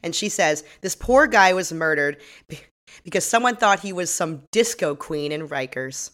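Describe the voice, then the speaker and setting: Woman, low pitch, podcast co-host, casual recap, animated, laughing, acts out lines. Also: moderate pace.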